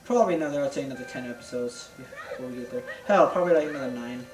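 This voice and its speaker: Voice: medium pitch, rapid-fire, music in the background. Profane joking gamer, roomy and distant. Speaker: gamer playing a video game. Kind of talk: casual let's-play chat. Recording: roomy distant mic with hiss.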